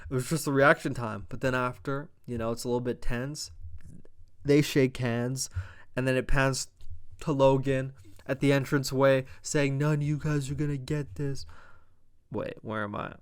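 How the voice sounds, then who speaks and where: A man recapping and reviewing a wrestling show in a casual, excitable, fast-talking way, swearing often and breaking into loud exasperated outbursts. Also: mid-range voice, clean tone.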